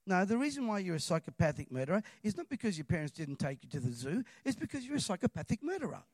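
A man preaching a sermon in a church, impassioned and rising to loud emphatic calls. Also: high voice, very animated, quick pace, no echo, clean studio sound.

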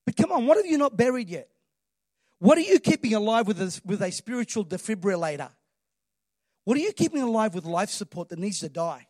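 A man's voice: sits high, sing-song, brisk, a little mellow, dry recording, studio quality. A man preaching a sermon, emphatic and calling on the congregation to respond. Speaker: pastor.

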